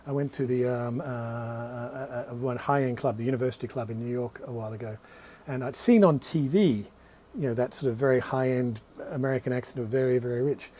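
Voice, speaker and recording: A man's voice: mid-range voice, brisk, dark tone, slight background noise. A man, an author, giving a live talk about his books in a bookshop, rambling through anecdotes with frequent restarts and asides. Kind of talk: live talk to a small audience.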